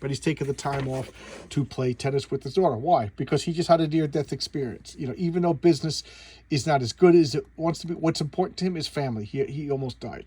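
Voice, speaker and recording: A man casually reviewing a comic book, rambling with many halting restarts and fillers, chuckling as he retells scenes. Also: fairly high pitch, darkish tone, breathy edge.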